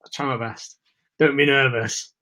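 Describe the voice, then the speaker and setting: A man's voice: medium pitch, fairly even intonation, normal speed, bright, forceful tone. A man hosting a live webinar, chatting casually and greeting viewers by name, a bit nervous. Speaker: webinar host.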